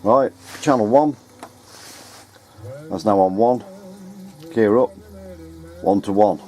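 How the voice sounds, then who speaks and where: Low-voiced chatty man. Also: slow, a little mellow. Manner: chatty, rambling, self-correcting. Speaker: radio hobbyist vlogger. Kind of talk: casual running commentary to camera. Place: outdoors at home on ladders and in the garden. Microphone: handheld camera mic.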